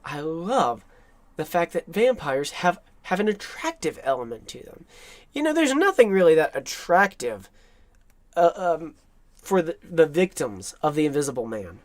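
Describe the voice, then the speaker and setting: Lively, animated film commentator. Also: mid-range voice, unhurried, dry recording. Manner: enthusiastic, chatty, laughs often. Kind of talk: casual film commentary over clips.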